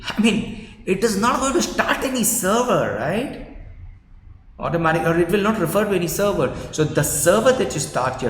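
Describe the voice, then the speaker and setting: Male software trainer, repetitive and coaxing delivery, faint background noise, long reverb. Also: on the high side. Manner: emphatic, repeats points, coaxes replies. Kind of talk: live online coding workshop.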